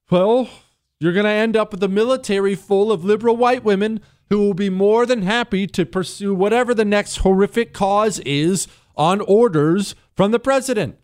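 A sarcastic male commentary host with a fairly high voice that swoops all over as he argues, mocking and needling his producer. The sound is dry and close, with no room around it. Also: a little mellow, no echo. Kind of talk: opinionated monologue commentary.

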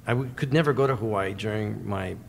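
A man as an interview guest, telling animated stories and acting out the quotes. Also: fairly low pitch, fast talker, gravelly, slight background noise. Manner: animated storyteller, acts out quotes. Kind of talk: interview storytelling.

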